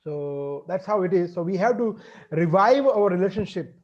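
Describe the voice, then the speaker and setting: A man gives a devotional lecture in a high but mellow voice. He explains through homely examples and keeps asking "right?". The audio sounds dull and lo-fi. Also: lively intonation, normal speed. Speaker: spiritual teacher.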